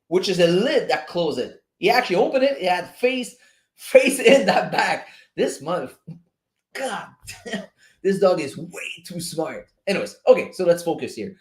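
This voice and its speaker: French-accented man, roomy sound. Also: fairly high pitch. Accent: Québécois French. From Montreal, Canada. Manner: chatty, easily sidetracked, swears casually. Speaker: livestream host. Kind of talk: casual livestream chat.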